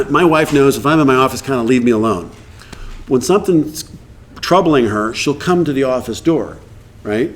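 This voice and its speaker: Man, Texan accent, middle-aged, recovery meeting speaker, lively, acts out quotes. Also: mid-range voice, normal speed. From Texas. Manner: animated, acts out quoted voices.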